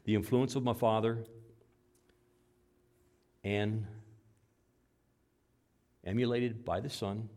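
A man, a father, preaching a sermon. He swings between loud, emphatic lines and quiet, low asides. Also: steady tone, slow, pauses often. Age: adult father. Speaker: pastor.

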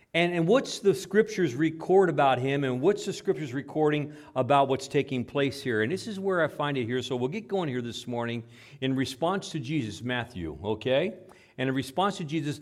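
Animated male preacher, lively pitch. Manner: animated preaching, dramatizes quotes, repeats words. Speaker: pastor. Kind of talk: sermon. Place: church with microphone.

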